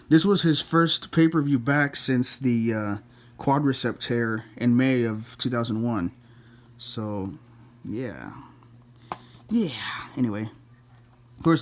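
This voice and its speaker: A man chats to camera through a casual collection review. His pitch sits in an ordinary middle range, and he keeps stopping to correct himself and fill the gaps with ums and uhs. His tone is blunt and a little crude. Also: darkish tone. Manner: rambling, full of fillers and self-corrections.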